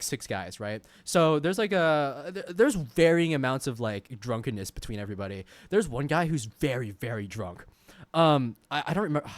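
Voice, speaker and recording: A man's voice: medium pitch, no room sound. A young man casually telling a rambling story as a streamer, full of fillers, laughing as he goes.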